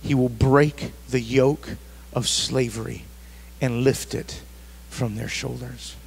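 A man's voice: mid-range voice, fairly even intonation, slow pace, vocal fry, slight background noise. A man pastor preaching a sermon at a church service, emphatic and fond of repeating his phrases.

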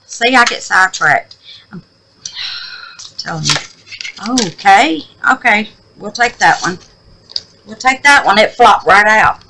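A woman's voice: mid-range voice, expressive, a little slow, long pauses, noisy background. A woman hosting a craft channel, chatting affectionately with viewers and easily sidetracked. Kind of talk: casual vlog sign-off with prayer.

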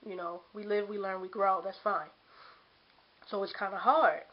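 A woman's voice: medium pitch, steady tone, moderate pace. Young woman venting on lo-fi webcam. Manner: rambling, frank, with many fillers like "you know" and "like". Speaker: vlogger. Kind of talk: casual venting monologue to camera. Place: bedroom at home.

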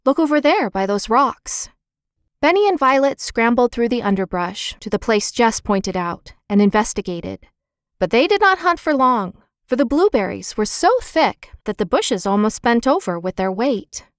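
A woman narrating a children's book in a clear, expressive storytelling manner. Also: on the high side, normal speed, no echo, clean studio sound. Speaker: audiobook narrator.

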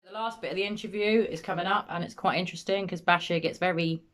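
A woman commenting on an interview clip, analysing body language in a measured, matter-of-fact way. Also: lowish voice, steady tone, a bit bright. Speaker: true-crime commentator.

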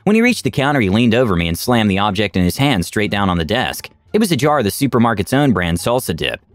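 Lively male story narrator, dry close mic. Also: on the low side, fast talker, no echo, faint music behind. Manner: animated storytelling, reading each quoted person in turn.

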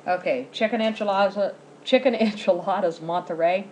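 A woman's voice: fairly low pitch, moderate pace, slight background noise, poor audio. A woman, chatting casually to camera as she shows off her groceries at home. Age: 40s. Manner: chatty, rambling, giggly. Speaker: vlogger showing a grocery haul.

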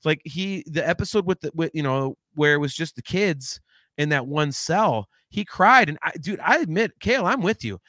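A man chatting on a podcast, his pitch sitting a bit high and swinging widely as he rambles. He keeps restarting his sentences and swears freely. The sound is dry and close. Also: moderate pace, no echo. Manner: animated, rambling with frequent restarts and profanity. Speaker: podcast co-host. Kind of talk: casual chat.

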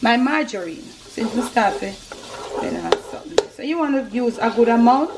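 A woman's voice: a little high, lively intonation, normal speed, noisy background. Older Jamaican woman chatting while cooking. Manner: chatty, homely, explains as she works. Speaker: cooking show host. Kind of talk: home cooking demonstration. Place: home kitchen.

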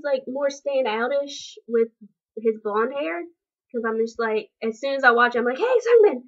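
A woman's voice: on the high side, a bit bright. A young woman chatting casually as she reacts to a music video, gushing and giggly, breaking into squeals now and then. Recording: dull lo-fi webcam sound.

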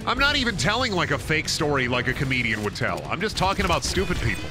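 Brief: exasperated male game streamer, high-pitched for a man, chatting over game music. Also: big pitch swings, fast. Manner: rambling, heavy swearing, exasperated. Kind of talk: casual stream chat.

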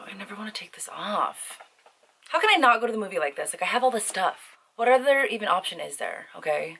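A woman's voice: mid-range voice, animated, brisk, fairly bright tone, poor audio. A young woman beauty vlogger gushing over lipsticks in a casual review at home, recorded on a camera mic and peppered with "like". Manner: bubbly and gushing, heavy use of "like".

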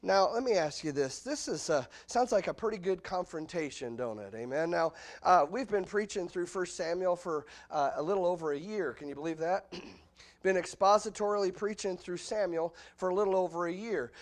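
Pastor, middle-aged man, somewhat high pitch, lively expository sermon delivery. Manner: animated preaching, voice jumps high and loud when acting out quotes. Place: church sanctuary.

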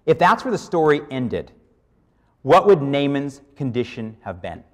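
A male pastor delivers a lively, conversational sermon in a church, his pitch rising and falling with animated swings. He keeps pausing to check in with the room, and a long hall reverb trails after his words. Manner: lively, checks in with "okay?" often.

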